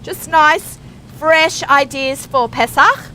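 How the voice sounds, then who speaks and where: Woman host, middle-aged, from Australia, high voice, chatty with lots of fillers, live from a store with faint background noise. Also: slow pace, pushed and bright. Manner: chatty, bubbly, frequent fillers. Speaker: radio show host. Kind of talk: casual chat. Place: busy store.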